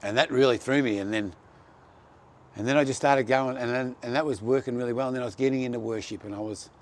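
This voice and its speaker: A man's voice: mid-range voice, fairly even intonation, fast talker. A man giving a personal faith testimony, telling his story in an earnest, heartfelt way.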